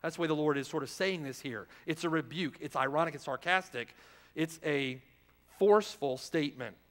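Guy preaching, fairly high voice, big church echo, lots of loud then quiet. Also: moderate pace. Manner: emphatic, rhetorical questions, swings from loud to hushed. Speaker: pastor. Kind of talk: sermon. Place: church sanctuary. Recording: long reverb of a church hall.

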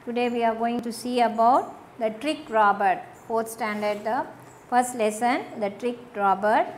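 A woman's voice: a little high, reverberant, slight background noise. A woman teacher with an Indian English accent, explaining a story lesson to young children, repeating and rephrasing as she goes. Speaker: school teacher. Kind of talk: recorded classroom lesson.

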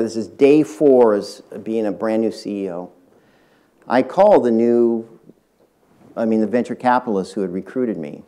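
A man's voice: medium pitch, warm tone. An older man, a retired tech executive, tells a business anecdote to a university audience, speaking straight to the listeners. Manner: anecdotal, addresses the audience directly. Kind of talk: storytelling public talk. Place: university lecture hall.

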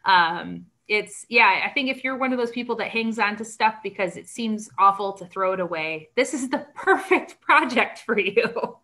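A woman's voice: mid-range voice, expressive, moderate pace, few pauses, bright, forceful tone. A middle-aged woman presenting a live craft workshop in a chatty, upbeat way, laughing often. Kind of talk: casual live craft demonstration.

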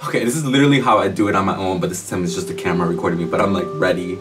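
A man chatting casually to camera as a reaction vlogger, excitable and swearing freely. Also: low voice, rapid-fire, recorded from a distance, over music. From United States.

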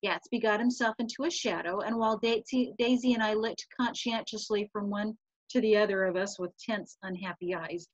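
A woman with a mid-range voice reads a passage from a novel aloud to her class at a moderate pace, then discusses it, slipping and restarting a few times. She's a teacher, and the dry recording comes through a video call, so the audio sounds dull and lo-fi.

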